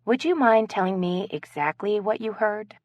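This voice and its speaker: A woman narrator voicing a calm, soft-spoken young female coworker speaking politely in an audiobook. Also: medium pitch, normal speed, no room sound, lo-fi sound, pitched above the performer's own voice, lightly acted.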